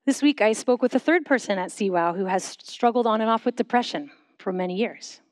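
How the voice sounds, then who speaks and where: A woman pastor giving a sermon, posing questions and leading a guided silent prayer in a measured, unhurried way. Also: medium pitch, lively intonation, dry recording. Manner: measured, slowing into soft reflective pauses.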